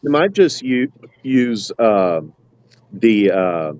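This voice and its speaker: A man's voice: fairly low pitch, very animated, slow, darkish tone. A man co-hosting a casual podcast, joking around and hesitating with fillers. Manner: joking, hesitant, laid-back. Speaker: podcast co-host. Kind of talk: casual chat.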